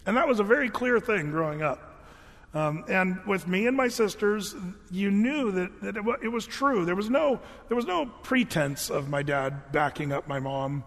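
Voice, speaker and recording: A man with a high, fairly bright voice preaches a sermon, earnest and conversational, frequently restarting his phrases. The recording carries a long hall reverb.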